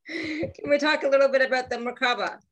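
A woman's voice: sits high, moderate pace, fairly bright tone. A woman hosting a live online talk, giggly and a little flustered. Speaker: host.

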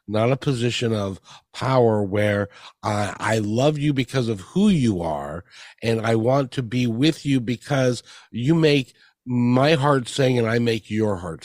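A man's voice: medium pitch, darkish tone, no echo, studio quality. Earnest male interview host. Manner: earnest, repeats words when starting. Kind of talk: casual interview chat.

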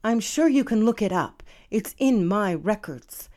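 A woman's voice: medium pitch, lively intonation, measured pace, a little mellow, voice pushed up, lightly acted. A woman voicing a pleading young woman captive. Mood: defiant.

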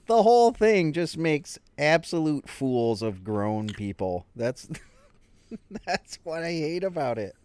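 A man's voice: on the high side, big pitch swings, slow, a little mellow, clean tone, no echo. A man co-hosting a podcast in casual chat, making dry, wry remarks. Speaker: podcast co-host.

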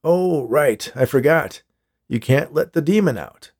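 A man voicing a desperate escaped male convict, pleading and angry, rising to shouts. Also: on the high side, lively intonation, measured pace, husky, voice pushed up, full character voice. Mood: frustrated.

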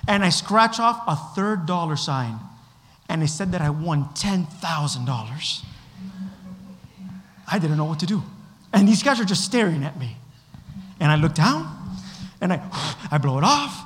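A young adult man preaching a sermon, moving between hushed storytelling and shouted lines. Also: fairly high pitch, animated, a little slow, pauses often, long reverb tail, a little hiss or hum. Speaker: pastor.

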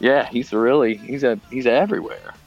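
A relaxed man rambling through old tour memories in a casual podcast chat, often breaking into laughs. His voice comes through slightly muffled and dull. Faint music plays underneath. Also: mid-range voice, normal speed. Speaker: podcast guest, former band member.

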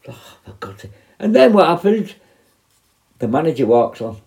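Man, dark mellow voice, rambling storyteller who corrects himself mid-sentence. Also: fairly high pitch, very animated, moderate pace, gravelly. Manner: rambling, self-correcting, acts out quoted voices. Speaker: prison negotiator telling a story. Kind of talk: casual storytelling.

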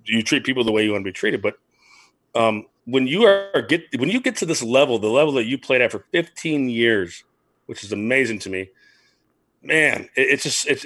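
A man's voice: mid-range voice, a bit bright, dry recording. A man, a former baseball player, chatting enthusiastically and telling locker-room stories. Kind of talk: casual chat.

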